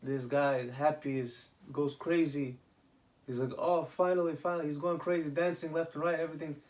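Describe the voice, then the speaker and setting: A man's voice: fairly high pitch, fairly even intonation, normal speed, a little mellow. A man casually telling a religious story, often restarting his sentences. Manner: retells with acted quoted dialogue and many restarts.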